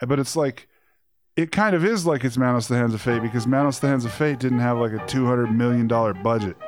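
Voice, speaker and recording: A man's voice: medium pitch, a little fast, music in the background. A man co-hosting a podcast, joking wryly through a casual movie review. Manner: joking, wry, chuckling asides. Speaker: podcast co-host.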